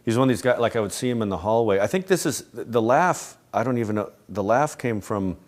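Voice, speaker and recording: Low-voiced man, rambling and laughing softly. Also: animated, a little fast. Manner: rambling, with many restarts and soft laughs. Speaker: interview guest, animator and voice actor. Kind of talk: casual interview conversation. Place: a home.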